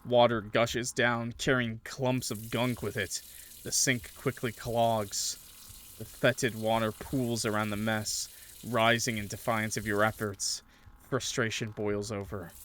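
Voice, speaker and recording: A man's voice: lowish voice, flat delivery, measured pace, fairly bright tone, slight background noise. A man streaming a horror visual novel, reading it aloud dramatically with casual joking asides. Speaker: gaming streamer.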